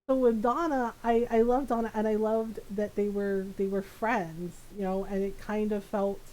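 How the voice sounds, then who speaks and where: A woman streamer chatting casually while she plays a game, excitable and rambling, laughing often. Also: mid-range voice, rough recording.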